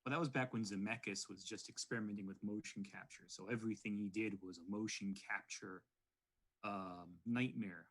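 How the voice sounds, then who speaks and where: A man's voice: fairly low pitch, steady tone, normal speed, a bit bright. A young man appearing as a guest writer on a podcast over a video call, chatty, opinionated and self-deprecating. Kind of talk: casual podcast conversation.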